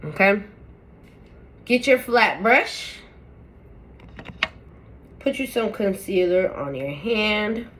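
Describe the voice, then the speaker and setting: Lively, chatty woman teaching makeup. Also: medium pitch, takes it slowly, pauses often, a little hiss or hum. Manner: chatty, playful, talks straight to viewers. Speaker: makeup tutorial host. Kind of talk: casual step-by-step tutorial talk.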